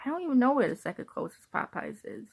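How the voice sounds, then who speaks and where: A woman's voice: fairly high pitch, huge pitch swings, fast, vocal fry, husky. Chatty, rambling woman vlogger. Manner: rambling, repeats herself, laughs between thoughts. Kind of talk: casual rambling chat to viewers.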